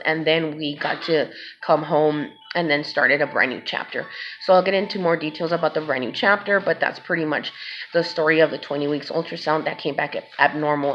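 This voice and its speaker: A woman's voice: deep voice, highs cut off, slight background noise. A mother speaking to her viewers, telling an emotional personal story and often calling them "guys". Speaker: vlogger and mother.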